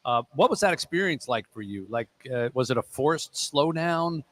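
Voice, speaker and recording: A man's voice: mid-range voice, expressive, moderate pace, a bit bright. A man hosting a radio show, asking rambling, friendly questions with plenty of fillers. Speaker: radio host. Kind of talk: radio interview. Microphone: studio mic.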